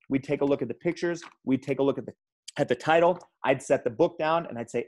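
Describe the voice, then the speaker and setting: A man speaking to teachers in a training talk, an emphatic and energetic storyteller who calls his audience "guys". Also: mid-range voice, a little fast. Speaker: education speaker.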